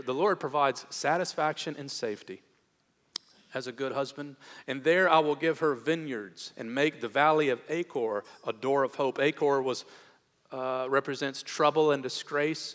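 A man preaching a sermon as pastor, earnest, moving between hushed tender passages and raised emphatic ones. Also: on the high side. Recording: long hall reverb.

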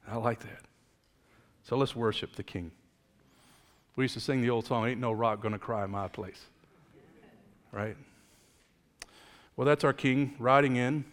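A man's voice: medium pitch, slow, pauses often, long reverb tail. A man preaching a sermon, moving between casual storytelling with jokes and emphatic preaching. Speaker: pastor.

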